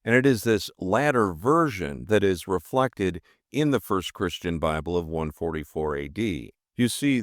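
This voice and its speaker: A man's voice: on the low side, no room sound, clean studio sound. A man hosting a podcast, delivering scripted narration in an emphatic, rhetorical way. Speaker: podcast host.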